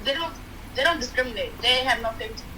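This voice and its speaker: A woman in a casual voice chat, frank and animated as she tells stories. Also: a little high, fast, background noise.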